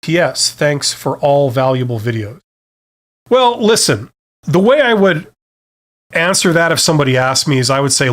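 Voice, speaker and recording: A man's voice: a little high, sing-song, moderate pace, fairly bright tone. A middle-aged man from Canada hosting a live-stream Q&A, talking casually with many fillers and self-deprecating asides. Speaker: host.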